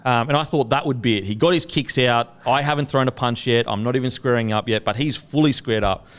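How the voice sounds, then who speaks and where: Swearing bloke telling a story. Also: male voice, medium pitch, brisk, smooth. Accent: Australian. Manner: swearing, animated storyteller acting out quotes. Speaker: podcast host. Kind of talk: casual storytelling chat.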